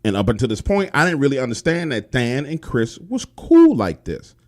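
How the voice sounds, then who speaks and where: A man telling a true horror story in a profane, animated, street-style way. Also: mid-range voice, moderate pace.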